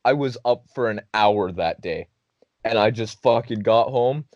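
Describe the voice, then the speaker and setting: A young man hosting a podcast, telling a story in a casual, animated way, often laughing, swearing and acting out his friends' lines. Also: lowish voice, a little slow, no room sound. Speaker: podcast host. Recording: dull dry lo-fi recording.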